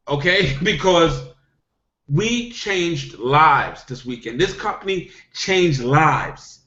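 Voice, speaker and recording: Middle-aged man, motivational talk, emphatic, repeats himself, somewhat high voice, echoey room, video call. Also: expressive, slow pace, pushed and bright, dull audio. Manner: emphatic, repetitive, punctuates with "okay?". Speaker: network marketing distributor.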